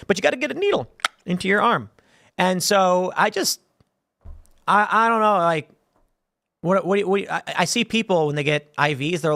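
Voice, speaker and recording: A man in his thirties talks through a live-stream show in a loose, rambling way, full of restarts and "like"s. His voice sits a little high and moves a lot. The sound is dry and close, with no room around it. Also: a bit bright, no echo. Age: 30s. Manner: rambling, conversational, with frequent restarts and "like". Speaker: show host. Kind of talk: casual live-stream commentary.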